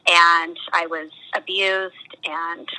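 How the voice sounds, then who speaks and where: A woman's voice: fairly low pitch, little pitch movement, extremely slow, pushed and bright, low-quality recording. A middle-aged woman telling her life story as an interview guest, earnest and emphatic, often repeating words as she talks. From United States. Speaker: nonprofit founder, interview guest. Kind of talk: conversational testimony.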